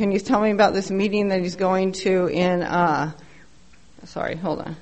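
A woman's voice: medium pitch, fairly even intonation, moderate pace. A middle-aged woman giving a candid, profane recovery share at a meeting, telling her story bluntly and with self-mockery.

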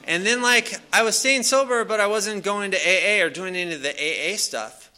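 A man with a slightly high, very bright and sharp voice tells a personal story to a crowd. He talks loosely and casually, with frequent fillers and restarts. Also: moderate pace. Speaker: speaker sharing a recovery story. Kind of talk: casual storytelling to a live audience.

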